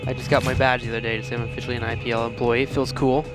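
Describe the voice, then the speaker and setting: A man's voice: mid-range voice, little pitch movement, rapid-fire, music in the background. A young man casting an esports match, chatty and joking with his co-caster. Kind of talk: esports play-by-play commentary.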